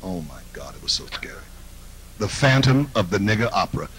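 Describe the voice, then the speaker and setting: On a comedy stage, a man with a fairly low, sing-song voice performs a brisk live stand-up set over background noise. He's brash and mocking, dropping confiding asides to the crowd.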